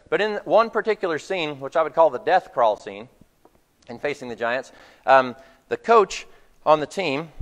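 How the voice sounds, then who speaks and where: A man's voice: mid-range voice, a bit bright, in a large hall. A man preaching a sermon to his congregation, retelling a film scene as a story. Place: church hall.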